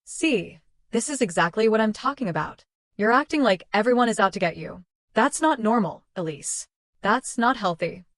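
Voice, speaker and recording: A woman's voice: a little high, animated, normal speed, no room sound, clean studio sound, natural voice. Woman reading as a patronizing young husband. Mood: exasperated. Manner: patronizing, exasperated. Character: dismissive young adult husband, man.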